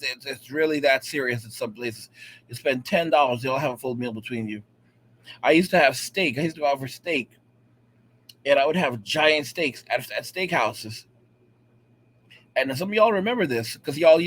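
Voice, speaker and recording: A man's voice: medium pitch, expressive, normal speed, fairly bright tone. A man ranting casually and profanely to his viewers, rambling and repeating himself, often checking in with "all right?". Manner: profane, rambling, repetitive and emphatic. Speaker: vlogger. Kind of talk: casual rant to camera.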